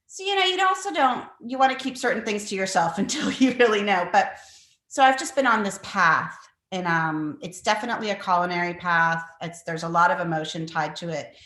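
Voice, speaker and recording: A woman's voice: medium pitch, brisk, a bit bright. Chatty middle-aged woman in echoey room. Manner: rambling, chatty, many fillers. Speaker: cookbook author guest. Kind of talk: conversational interview answers.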